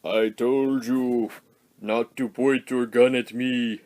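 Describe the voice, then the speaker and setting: Giant menacing robot, put on by a man: slow, low, threatening delivery, slightly distant. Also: fairly even intonation, darkish tone, natural voice.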